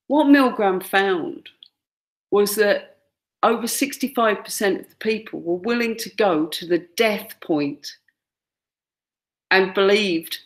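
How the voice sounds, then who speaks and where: A woman's voice: medium pitch, slow. A woman gives a classroom lecture, pointing out pictures and acting out quoted lines. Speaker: teacher.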